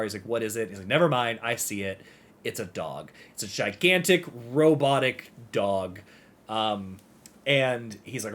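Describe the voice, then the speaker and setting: A man's voice: on the low side, a little fast, a bit bright. A man co-hosting a podcast, casually recapping a game and acting out the characters' lines. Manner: rambling, acts out character lines. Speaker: podcast co-host.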